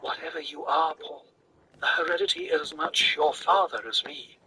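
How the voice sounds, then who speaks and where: A man voicing a soft-spoken mother. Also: high-pitched, huge pitch swings, moderate pace, vocal fry, distant mic, a little hiss or hum, voice pushed up, heavily acted, poor audio. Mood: gentle. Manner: soft and soothing. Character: gentle, composed middle-aged mother.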